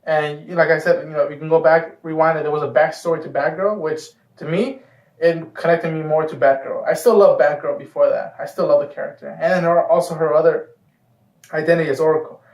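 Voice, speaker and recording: A man's voice: fairly high pitch, fairly even intonation, brisk, a little mellow. A man hosting a casual film review, talking enthusiastically and rambling, with the odd swear word. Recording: echoey room, far from mic.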